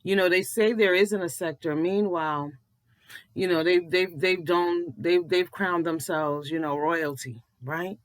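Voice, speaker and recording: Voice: mid-range voice, steady tone, unhurried, dry recording, rough recording. A vlogger giving blunt, profane, preachy commentary in an early-morning voice, just out of bed. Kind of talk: casual commentary.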